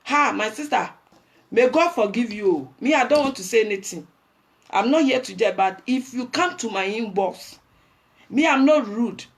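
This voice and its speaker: Blunt Ghanaian woman scolding her viewers. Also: fairly high pitch. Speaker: livestream host. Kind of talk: livestream rant.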